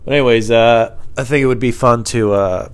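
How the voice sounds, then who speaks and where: A man's voice: mid-range voice, steady tone, brisk, clean tone. A man comedian hosting a podcast, talking in a rambling, profane, self-mocking way with laughs.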